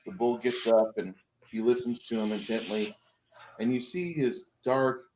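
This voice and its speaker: A man's voice: mid-range voice, measured pace, heavy background noise. Man narrating as game master.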